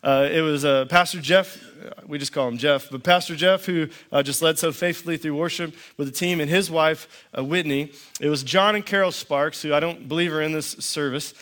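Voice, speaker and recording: A man's voice: a little high, normal speed, fairly bright tone. A middle-aged man, a pastor, preaching a sermon with dry, understated humor and storytelling. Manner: dry storytelling with quoted back-and-forth.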